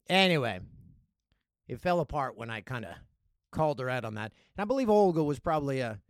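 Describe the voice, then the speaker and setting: Jokey male podcast host, upbeat and animated, dry close-miked read. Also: medium pitch, fairly quick, dry recording. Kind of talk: casual solo podcast chat.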